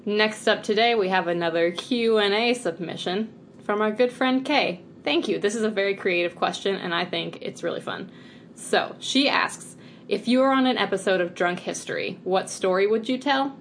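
A woman's voice: mid-range voice, normal speed, slight background noise. A woman co-hosting a podcast in casual chat, rambling cheerfully and laughing often. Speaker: podcast co-host.

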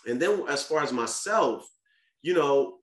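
With a slightly high, expressive voice and a measured pace, this podcast guest tells an open, personal story about his family. He stays earnest and casual, often starting over and repeating words, and the audio carries room echo.

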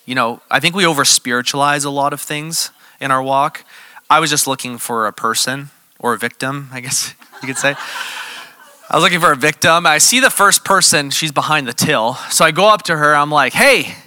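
Bright-voiced, lively storytelling preacher man. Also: fairly high pitch, normal speed, no echo. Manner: animated, acts out quoted dialogue; casual, conversational, uses fillers like "like" and "you know". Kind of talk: sermon storytelling.

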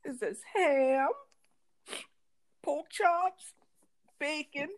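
A woman with a Southern US country accent, co-hosting a podcast and telling a story in lively, casual chat. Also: high voice, very slow. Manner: animated, acts out voices in her stories. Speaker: podcast co-host.

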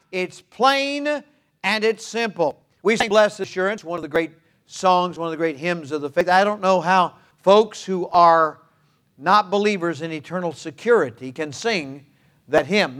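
A man delivers a sermon in a somewhat high voice. He talks emphatically, repeating key phrases for stress and dropping in folksy asides to the congregation. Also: a bit bright. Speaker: preacher.

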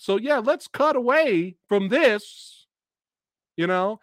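An excitable man hosts a casual livestream movie review, swearing freely and laughing hard. His voice sits high and swings widely in pitch. The sound is dry and close. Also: slow, no room sound. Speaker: podcast host.

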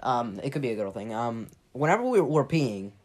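A man's voice: mid-range voice, big pitch swings, brisk, a little mellow. A young man chatting casually, telling rambling, exaggerated stories. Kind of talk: casual chat.

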